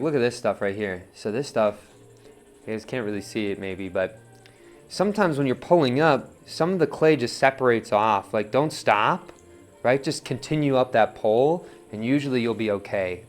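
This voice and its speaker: A young man casually teaching wheel throwing, coaching in a relaxed way and often checking in with "right?". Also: mid-range voice. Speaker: pottery teacher.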